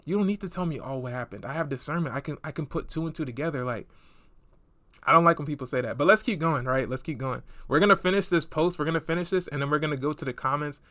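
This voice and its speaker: A man's voice: a little high, fast talker, a bit bright, no room sound. A young man giving casual commentary in a slangy, chatty way, often calling the listener bro. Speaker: online commentator.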